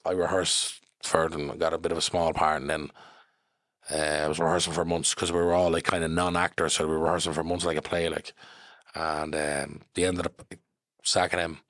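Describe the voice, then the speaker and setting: Fast-talking Dublin man, low voice. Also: no echo, clean studio sound. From Ireland. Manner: animated, swears freely, acts out quoted voices. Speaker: podcast guest. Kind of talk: casual storytelling.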